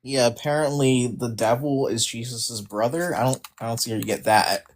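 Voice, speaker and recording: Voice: mid-range voice, moderate pace, a little hiss or hum. Friend giving short casual replies. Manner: short agreeable replies, repeats words. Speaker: friend chatting on a livestream. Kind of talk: casual chat.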